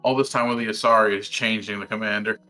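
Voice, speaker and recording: A man playing a tabletop game, speaking in a flat way. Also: fairly low pitch, fast talker, faint music behind, rough recording. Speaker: player.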